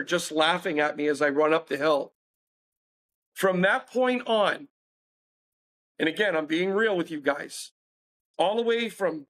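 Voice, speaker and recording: A man's voice: high-pitched, fairly bright tone. A man telling a personal story as a podcast guest, earnest and confessional, acting out the dialogue he quotes.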